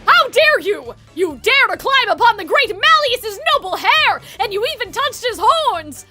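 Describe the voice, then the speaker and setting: A woman voicing a loud, pompous young male knight from a game, indignant and formal. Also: very high voice, sing-song, measured pace, soft background music, full character voice. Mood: outraged. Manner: indignant shouting, formal speech.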